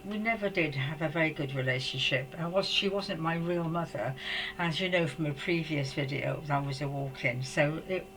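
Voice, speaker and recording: An older woman from England tells a personal story to camera at home. She speaks softly and reflectively, with many hesitations and restarts. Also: on the low side, slight background noise, rough recording. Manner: halting, hesitant, with frequent restarts. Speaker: psychic storyteller.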